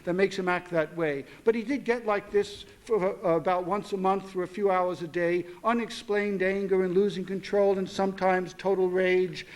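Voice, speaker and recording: A man reading his own short story aloud at a literary event, with steady narration and quick self-corrections. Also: high voice. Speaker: author reading his fiction.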